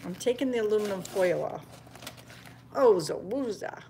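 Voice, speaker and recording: A woman's voice: medium pitch, expressive, normal speed, mellow, a little hiss or hum. An older woman chatting homily to her viewers while she cooks in her kitchen, at times dropping to a near whisper. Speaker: homestead cooking vlogger. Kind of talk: casual live-stream cooking chat. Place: home kitchen.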